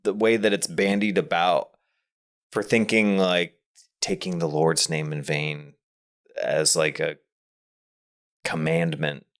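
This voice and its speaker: Deep-voiced man musing on a podcast. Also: level tone, slow pace, long pauses, clear, resonant tone. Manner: thoughtful, searching for words, frequent restarts. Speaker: podcast co-host. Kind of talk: casual movie discussion.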